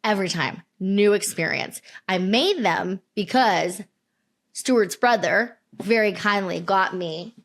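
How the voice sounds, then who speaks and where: A young woman co-hosting a podcast, talking in a loose, chatty way. Her pitch sits in an ordinary middle range, and she tells stories with lively laughter and quick asides. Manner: chatty, animated storytelling with frequent laughs. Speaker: podcast co-host. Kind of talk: casual chat.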